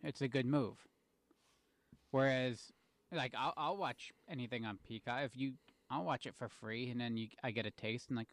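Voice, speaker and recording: A man's voice: mid-range voice, moderate pace, a bit bright, no echo. A man co-hosting a casual podcast, laid-back and wry, stumbling over his words. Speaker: podcast co-host. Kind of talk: casual chat.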